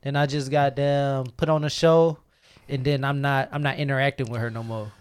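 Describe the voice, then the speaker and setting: A man's voice: mid-range voice, normal speed, clear, resonant tone. A young man in casual podcast chat, telling stories with slang and acting out what people said. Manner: slangy, animated storytelling, acts out quotes.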